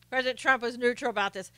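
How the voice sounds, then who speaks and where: A woman's voice: fairly high pitch, a bit bright, smooth, dry recording. A woman hosting a live stream, giving opinionated casual political commentary and greeting chat viewers by name, with many fillers and restarts.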